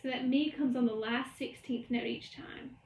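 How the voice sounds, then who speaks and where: A woman music teacher records a lecture at home, walking through rhythm patterns step by step. Her voice sits high, and the room around her is noticeably echoey. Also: steady tone, moderate pace, darkish tone, a little hiss or hum. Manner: explains step by step, chants rhythm syllables.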